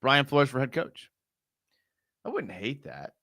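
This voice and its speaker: A man hosts a live fan stream, his bright voice swinging all over in pitch as he rants about plays with exasperated sarcasm. He talks casually and picks up chat comments as he goes. The sound is dry and close. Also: sing-song, unhurried, no room sound. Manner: reads and answers live chat. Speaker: fan show host.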